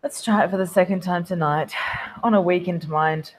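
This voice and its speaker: Tabletop player, dry and relaxed, mid-range voice. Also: mid-range voice, normal speed, a little hiss or hum, low-quality recording. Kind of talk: casual tabletop play.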